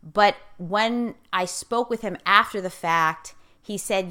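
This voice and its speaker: A woman's voice: mid-range voice, slow pace, few pauses, pushed and bright. A woman life coach in casual conversation, speaking emphatically and repeating key phrases for stress. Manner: self-described outspoken, in-your-face talker.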